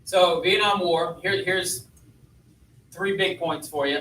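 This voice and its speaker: A man's voice: a little high, slow, pushed and bright, far from the mic, a little hiss or hum. Man lecturing in an echoey classroom. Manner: conversational, asks students questions. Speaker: history teacher.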